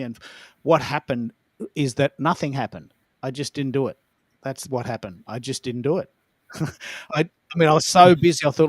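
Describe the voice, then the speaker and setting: A man co-hosting a casual podcast chat, telling stories in an animated, emphatic way. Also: medium pitch, moderate pace, dry recording, clean studio sound. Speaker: co-host.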